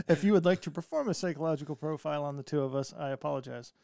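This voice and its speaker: A man's voice: a little high, fast talker, vocal fry, warm tone, no echo, studio quality. A man co-hosting a casual podcast, talking in an easygoing, reflective way with jokes. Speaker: podcast co-host. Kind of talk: casual chat.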